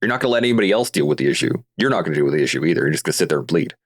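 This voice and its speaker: A man's voice: extremely low pitch, expressive, rapid-fire. A man from Canada, a guest on a podcast, talking earnestly and explaining his points through everyday analogies. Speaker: podcast guest, veteran advocate. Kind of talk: casual podcast conversation.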